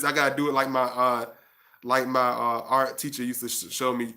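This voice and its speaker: A man talks to his viewers in a bright, edgy voice that stays on a narrow, even pitch. His chat stumbles and restarts often. When he reads his own prose, he slows down and turns hushed. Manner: halting, with many restarts while chatting; slow and hushed when reading his prose. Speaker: author and channel host. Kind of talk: casual livestream chat and reading aloud.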